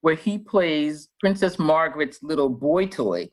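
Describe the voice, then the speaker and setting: A woman in casual chat who laughs often and talks in a lively, playful way. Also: low-pitched, unhurried.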